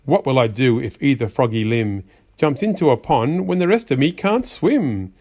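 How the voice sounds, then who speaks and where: A man's voice: medium pitch, lively intonation, moderate pace, darkish tone. A man voicing a fussy magician's white rabbit that scolds a child in rhyme, exasperated and sing-song. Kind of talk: rhyming storybook reading.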